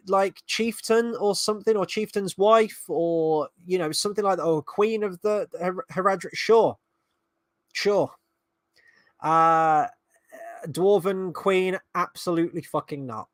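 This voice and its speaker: A man's voice: high voice, a little slow, no room sound. A man hosting a fan reaction video, talking casually with sarcastic, exasperated commentary and frequent swearing.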